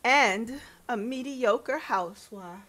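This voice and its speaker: A woman voicing a down-to-earth Southern farm wife in her late thirties, reading her lines in a measured, plain way with a Southern accent. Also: on the high side, fairly bright tone. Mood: matter-of-fact.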